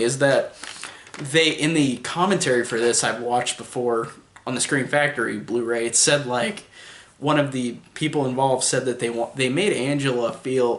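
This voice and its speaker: A man talks through a movie review in a loose, rambling way, filling his sentences with "like" and restarting them. His voice sits at an ordinary middle pitch. The room around him is roomy and echoing. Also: a bit bright. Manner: rambling, full of "like" and restarts, chuckling. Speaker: film reviewer. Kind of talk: casual spoken movie review. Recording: echoey room.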